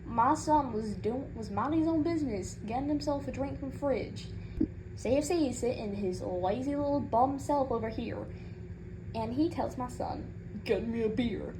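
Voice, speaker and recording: A woman's voice: high-pitched, normal speed. A woman doing a comedic in-character rant as a proud mother, sassy and rambling, indignant on her son's behalf. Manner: sassy, rambling, indignant, with Southern-style turns of phrase. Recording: noticeable background noise.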